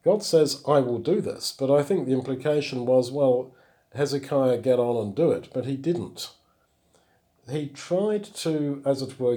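A man's voice: medium pitch, dark tone. A man, teaching the Bible verse by verse, reading passages aloud and then explaining them. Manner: explanatory, reads scripture aloud then comments.

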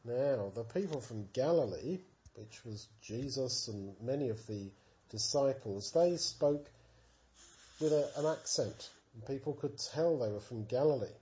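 A man reading and explaining a Bible story to a child in a lively storytelling manner. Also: medium pitch, a little slow, lo-fi sound. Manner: animated storytelling, simple explanations.

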